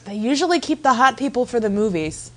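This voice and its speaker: A woman's voice: fairly high pitch, lively intonation, a little fast, fairly bright tone. A woman co-hosting a podcast in a casual chat, sarcastic and playful, joking about a TV episode. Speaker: podcast co-host.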